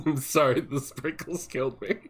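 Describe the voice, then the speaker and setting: A man's voice: mid-range voice, slightly rough. A man narrating a tabletop game as game master, often laughing. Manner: laughs often, slow and lively.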